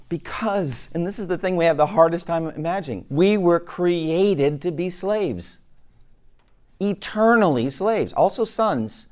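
A man's voice: fairly high pitch, animated, moderate pace, darkish tone. A male pastor giving a conversational sermon, asking his listeners questions and often restarting his words. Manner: conversational teaching, asks the room questions.

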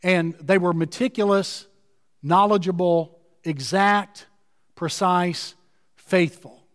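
A man preaches a sermon in a high voice, leaning hard on his key words and drawing them out slowly. His voice rings with the long reverb of a large hall. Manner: emphatic, slows and stretches key words. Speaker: pastor.

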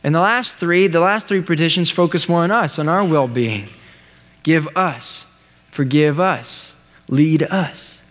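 A man preaching a sermon, telling a story in an earnest way, with pauses and restarts. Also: fairly high pitch, a bit bright. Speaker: pastor. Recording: long hall reverb.

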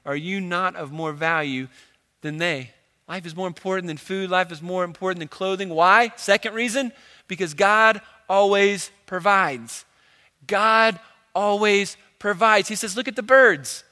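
Man, young adult, pastor, conversational joking sermon, high voice, long hall reverb. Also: moderate pace, sharp tone. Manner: casual, joking, conversational preaching.

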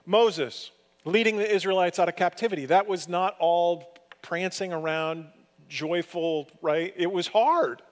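Male pastor, fairly high voice, conversational storytelling sermon, long hall reverb. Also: a little slow. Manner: storytelling, conversational with lively swings in pitch and loudness.

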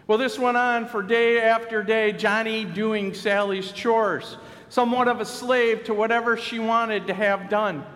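Guy preaching a sermon, pretty high voice, earnest and measured, long echo behind him. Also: fairly bright tone. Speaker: pastor. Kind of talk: sermon with storytelling.

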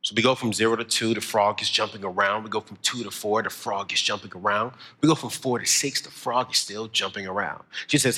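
A young man, preaching a motivational sermon, telling stories and building to shouted emphasis. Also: on the low side, a little fast, few pauses.

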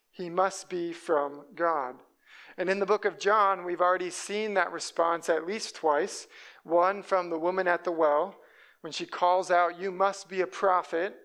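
A man with a fairly high voice delivers a sermon from the pulpit. He reads through scripture verse by verse and gives the quoted speakers voices of their own as he goes. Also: a bit bright. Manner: storytelling preacher who voices quoted speakers. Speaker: pastor.

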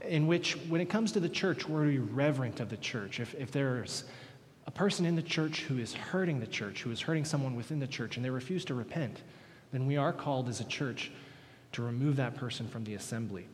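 A man preaching as a pastor, reading scripture and praying in an earnest, measured way with deliberate pauses. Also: mid-range voice, animated. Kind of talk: sermon with scripture reading and prayer. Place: church sanctuary. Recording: long hall reverb in a church.

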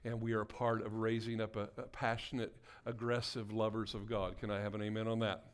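A man with a lowish voice speaks quickly and flatly as a pastor delivering a sermon and prayer to his congregation in a church sanctuary. He calls for amens in call-and-response fashion, building toward emphatic exhortation.

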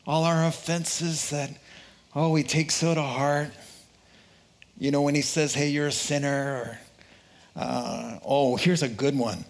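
A pastor preaching a sermon in an animated way, acting out quotes and voices with humor. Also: male voice, on the high side.

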